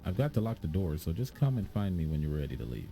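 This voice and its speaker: An actor playing a polite museum night guard in an adventure game. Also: male voice, deep voice, big pitch swings, fast talker, gravelly, warm tone, heavily acted. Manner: plain and polite, gives warnings.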